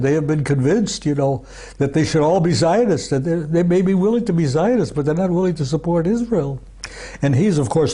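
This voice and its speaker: A man's voice: fairly high pitch, warm tone, husky. A man being interviewed as an archivist, talking in a rambling, casual way, full of restarts and asides like "you see" and "you know.".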